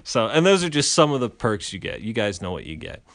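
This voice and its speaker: A man's voice: lowish voice, sing-song, a little fast, vocal fry. A male podcast co-host in casual banter, rambling through absurd mock-promotional riffs.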